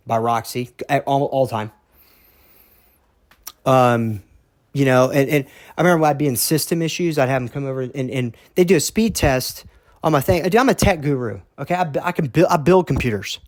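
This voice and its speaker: A man from Texas tells a story in a loose, rambling way, cursing and restarting his sentences as he gets worked up. His voice sits at an ordinary middle pitch. The recording is dry, with little room sound. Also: a little mellow, dry recording. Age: young adult. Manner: rambling, heated, profane, repeats words. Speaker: podcast host. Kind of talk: casual storytelling monologue.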